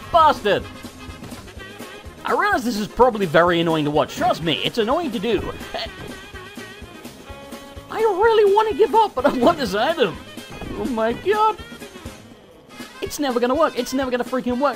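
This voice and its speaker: A man's voice: high-pitched, a bit bright. A man giving gameplay commentary, ranting in frustration, swearing a lot and laughing at himself. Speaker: let's play gamer.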